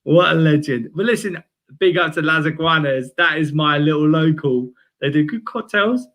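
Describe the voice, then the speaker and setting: Young man, quick slangy fan chat, fairly high voice. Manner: energetic, slangy, keeps saying mate. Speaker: guest fan. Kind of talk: casual fan chat stream.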